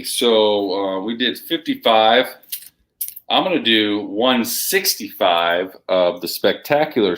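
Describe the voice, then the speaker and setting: Hyped comic-selling salesman. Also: fairly low pitch. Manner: hyped, emphatic salesman patter. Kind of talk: live shopping show sales pitch.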